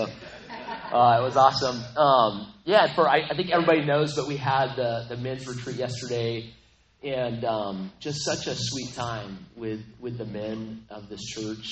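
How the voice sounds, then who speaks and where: Male preacher from New Mexico, mid-pitched, loose and repetitive, echoey church. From New Mexico, USA. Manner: warm, rambling, repeats words. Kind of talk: sermon. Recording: echoey room.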